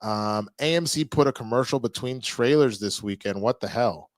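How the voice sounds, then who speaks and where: A man streaming live, chatting casually with his viewers, reading their messages and reacting loudly to clips. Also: medium pitch, normal speed, no echo. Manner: animated, reacts loudly to clips and reads chat.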